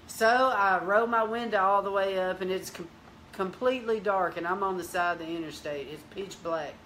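A woman host of a Christian teaching show recounts a personal testimony, playing out each person's lines as she goes. Her voice is bright and forceful, and she moves between plain storytelling, exclamations of praise and prayer. Faint noise sits underneath. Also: medium pitch, normal speed. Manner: lively storyteller, acts out dialogue, bursts into praise.

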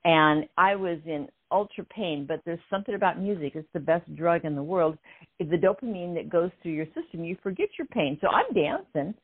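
An older woman as a guest, telling a story in an animated way, often laughing, heard over a phone line. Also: on the low side, a little fast, slightly rough, no echo.

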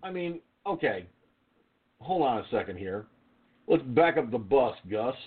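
A man's voice: mid-range voice, big pitch swings, a little slow, breathy edge. A man hosting an online call-in radio show, ranting profanely and blustering as he repeats himself. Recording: thin phone-like line.

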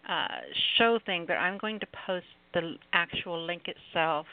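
A woman's voice: fairly low pitch, moderate pace. A woman hosting a call-in radio show, chatting casually and affectionately with callers and laughing often. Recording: dry tinny phone-line sound.

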